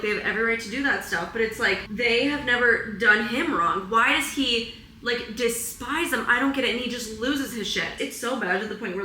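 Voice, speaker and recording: A woman's voice: a little high, sharp tone, reverberant, slight background noise, poor audio. A young woman vlogging at home in a rambling, emotional way, saying "like" constantly and close to tears. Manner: rambling, heavy use of "like", emotional and tearful. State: teary, close to crying. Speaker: wellness vlogger. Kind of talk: casual confessional vlog. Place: apartment at home.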